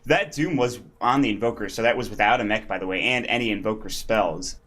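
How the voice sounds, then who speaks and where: A young man gives live esports analysis in a chatty, rambling way, full of fillers. His voice sits a little low for a man. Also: brisk, fairly bright tone. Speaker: esports caster. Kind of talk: live game commentary.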